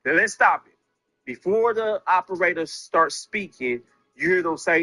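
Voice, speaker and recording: A man's voice: a little high, moderate pace, pushed and bright, faint music behind. A man commentating on a case, speaking emphatically, with rhetorical questions to his viewers. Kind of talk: true-crime commentary.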